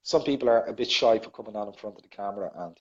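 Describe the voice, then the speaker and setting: A man's voice: lowish voice, very fast, muffled recording. A man hosting a casual online chat show, effusive and jokey, laughing a lot with his guest. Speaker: show host.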